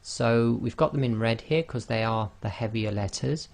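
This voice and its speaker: A man's voice: mid-range voice, moderate pace, vocal fry. A man teaching the pronunciation of Arabic letters, patiently demonstrating each sound and repeating it. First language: not Arabic. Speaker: online Quran teacher. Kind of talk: pronunciation lesson.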